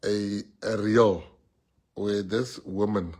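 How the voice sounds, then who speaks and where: A man's voice: on the low side, fairly even intonation, takes it slowly, darkish tone. A man with a South African accent giving a rousing, joking political speech and switching languages.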